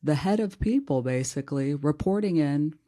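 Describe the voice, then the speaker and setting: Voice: medium pitch, animated, normal speed, warm tone. Blunt, snarky podcast host. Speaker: HR professional. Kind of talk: casual podcast chat.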